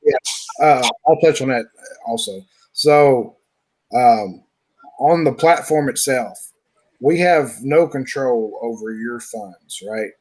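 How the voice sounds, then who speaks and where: A man explains how the platform works to listeners in a live online Q&A. His voice sits at a middle pitch, and his speech is loose and casual. He keeps falling back on the same filler phrases. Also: slow pace, a little mellow, low-quality recording. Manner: loose, repeats "like I said". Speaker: platform developer answering questions.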